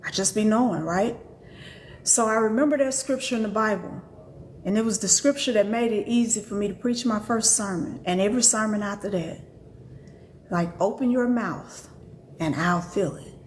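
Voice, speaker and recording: A woman's voice: mid-range voice, normal speed, slight background noise. An older woman teaching as a spiritual reader on a live stream. She speaks bluntly and animatedly, swears freely, and laughs often.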